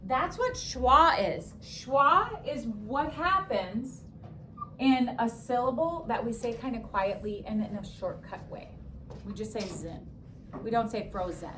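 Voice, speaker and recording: A woman's voice: a little high, fairly bright tone, a little hiss or hum. A woman teaching second graders a spelling lesson, upbeat and sing-song, stretching words out syllable by syllable. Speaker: elementary school teacher. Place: classroom.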